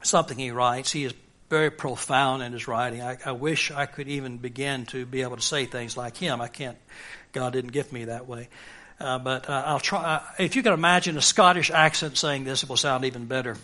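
Guy preaching a sermon, bright voice, gets loud and punchy at the big points. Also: mid-range voice, brisk. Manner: earnest, rising to emphatic peaks. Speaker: pastor.

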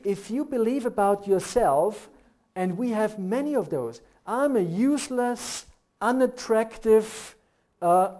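A middle-aged man with a German accent, whose first language is German, preaching a sermon. He talks earnestly and builds to animated rhetorical questions. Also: sits high.

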